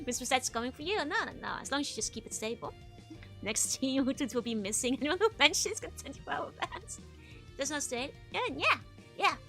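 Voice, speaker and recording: A woman's voice: high-pitched, pushed and bright. A woman streamer in casual live-stream chat, answering viewer messages while she plays.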